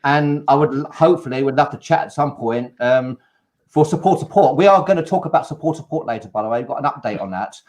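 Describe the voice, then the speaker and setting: Hosting a live cruise chat, this man talks fast in a mid-range, somewhat dark voice. He's upbeat and casual, reading viewer comments aloud as the stream goes on.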